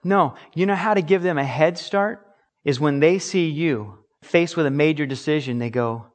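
An earnest male pastor delivers a sermon with emphatic conviction. His voice sits a little higher than most men's. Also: moderate pace. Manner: earnest, emphatic preaching with acted-out examples.

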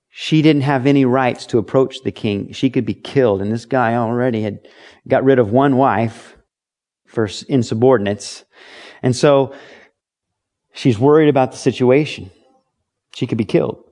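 A man's voice: medium pitch, measured pace, pauses often. A middle-aged man preaching a sermon, telling Bible stories and briefly acting out the voices of the people in them. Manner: animated preaching, acts out voices in quotes. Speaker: pastor.

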